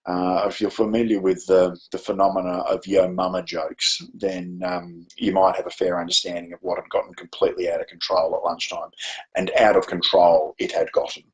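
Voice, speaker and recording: A man's voice: sits low, flat delivery, moderate pace. A man with an Australian accent presenting a webinar, telling a chatty, self-deprecating classroom story with frequent ums. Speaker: education presenter.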